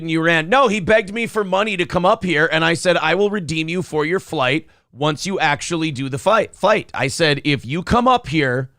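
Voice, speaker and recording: A brash man co-hosting a morning live stream, his voice sitting a little high for a man. He reads viewer messages aloud and trash-talks rivals with cocky swagger. The sound is dry and close, with no room in it. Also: fairly bright tone, no room sound. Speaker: co-host of a morning show. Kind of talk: casual live-stream banter.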